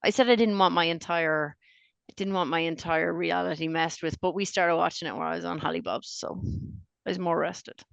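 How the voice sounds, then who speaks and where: A woman's voice: lowish voice, fairly quick, gravelly, no echo. An Australian woman co-hosting a podcast in casual chat, joking and teasing herself and her friends. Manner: joking, teasing, self-mocking. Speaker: podcast co-host.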